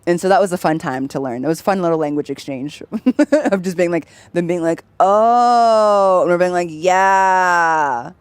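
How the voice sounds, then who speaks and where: A young woman with a low, slightly mellow voice talks fast while streaming a game, and there is no echo. She's chatty, explains things with frequent laughter, and puts on voices for her anecdotes.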